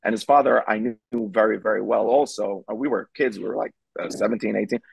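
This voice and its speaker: A middle-aged man, a rabbi telling a story on a charity broadcast panel, casual and animated, with many fillers. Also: on the low side, fairly quick, gravelly, slightly rough, low-quality recording. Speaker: rabbi and parenting speaker.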